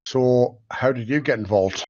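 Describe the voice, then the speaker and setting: A man's voice: mid-range voice, measured pace, darkish tone, dull audio, faint music behind. An older man playing a tabletop game, bantering casually. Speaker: player.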